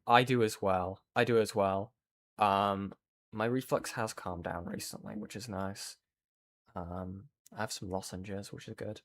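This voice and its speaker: A man's voice: lowish voice, unhurried. Rambling male streamer chatting casually. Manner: rambling, filler-heavy storytelling. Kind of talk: casual chat with viewers.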